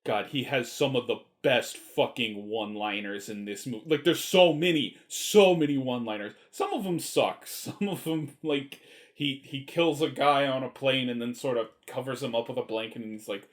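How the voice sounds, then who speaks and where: A man's voice: mid-range voice, normal speed. Male movie reviewer, casual and rambling, enthusiastic, salty language. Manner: rambling and enthusiastic, swears freely.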